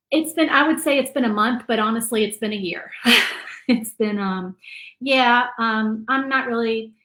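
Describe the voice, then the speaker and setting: Brief: woman craft host on a live stream, slightly high voice, roomy echo, emotional and chatty. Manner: chatty, warm, many fillers, tearful at times. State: emotional, near tears. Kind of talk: live-stream painting chat. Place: home craft room. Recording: echoey room.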